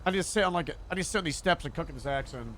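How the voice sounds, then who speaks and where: A high-voiced man live-streams on the street, casually swearing and testing out exaggerated British slang accents. Faint street sound hums behind him. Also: very fast, fairly bright tone, a little hiss or hum.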